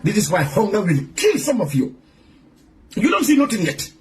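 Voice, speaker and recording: A man delivering a furious, profane rant, his voice pitched high and leaping up and down. He hammers his points again and again. A faint hiss sits behind him. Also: huge pitch swings, normal speed, a little mellow. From Africa outside South Africa. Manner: furious, profane, repeats himself. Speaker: commentator. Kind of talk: angry rant to camera.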